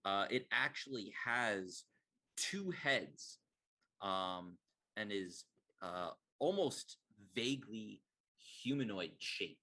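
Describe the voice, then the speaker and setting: A man's voice: lowish voice, lively intonation, slow, pushed and bright. A man running a tabletop game as game master, describing scenes with many fillers.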